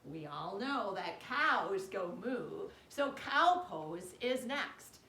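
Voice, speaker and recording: A woman leads a children's yoga class at an unhurried pace, her voice bouncing widely up and down as she reads aloud and makes animal sounds. She sounds a bit away from the mic in a roomy space with a faint hum behind her. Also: mid-range voice, big pitch swings, bright, forceful tone. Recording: roomy echo, distant mic, faint background noise.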